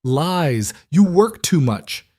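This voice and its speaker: A man putting on a doting older Italian woman who runs a small family restaurant, fussing and bossy, her voice pushed up high. She teases and scolds in the same breath in this audiobook story, recorded dry and close. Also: sing-song, takes it slowly, warm tone, dry recording, heavily acted. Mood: scolding. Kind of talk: audiobook character voice.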